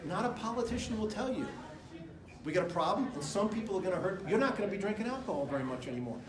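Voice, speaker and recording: A man's voice: sits high, expressive, quick pace, crowd noise. A middle-aged American man giving an off-the-cuff campaign speech to a room full of people, rambling and emphatic as he jumps between anecdotes and figures. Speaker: political candidate. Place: indoor room with an audience. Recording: echoey room.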